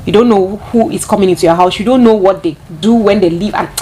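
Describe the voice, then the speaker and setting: A woman's voice: medium pitch, fast talker, warm tone, poor audio. A woman telling a storytime tale to her viewers, chatty and repeating herself for emphasis. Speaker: vlogger. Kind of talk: storytime monologue.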